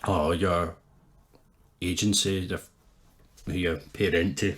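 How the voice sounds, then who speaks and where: A man's voice: low-pitched, steady tone, slow pace, slight background noise. A Scottish man in his thirties, co-hosting a casual podcast chat, swearing often and laughing through his stories. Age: 30s. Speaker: podcast co-host.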